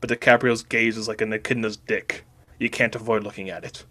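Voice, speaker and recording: Bright-voiced man reading crude comedy. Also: lowish voice, flat delivery, fairly quick. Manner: casual, crude, rambling with restarts. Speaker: podcast host.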